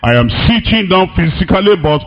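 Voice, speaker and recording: High-voiced man preaching with emphatic questions. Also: very animated, dull audio. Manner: emphatic, rhetorical questions, pauses for the interpreter. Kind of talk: sermon with live interpretation.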